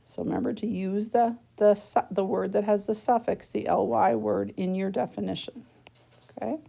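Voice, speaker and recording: A woman teacher records a worksheet lesson for her students, patiently explaining each step of the task and regularly asking "okay?". Her voice is medium-pitched, steady, gravelly and mellow, moving at a moderate pace.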